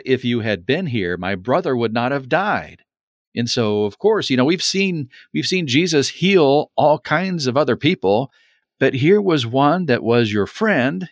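A man's voice: medium pitch, no echo, studio quality. A man in a conversational Bible discussion, speaking in an earnest, reflective way and repeating words for emphasis. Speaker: Bible teacher.

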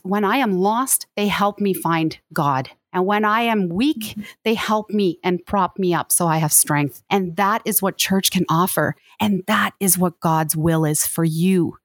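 A woman's voice: mid-range voice, dry recording. A woman guest on a podcast, speaking earnestly and pleadingly in long flowing runs. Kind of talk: earnest interview conversation.

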